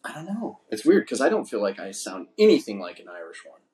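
An American man hosting a podcast, brash, excitable and swearing constantly. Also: on the low side, a little fast. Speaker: podcast host. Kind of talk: casual podcast chat. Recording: roomy room echo.

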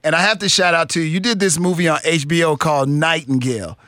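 A man's voice: fairly high pitch, fast talker, bright, forceful tone, no echo, clean studio sound. A man hosting a radio morning show, asking enthusiastic, rambling questions in casual chat.

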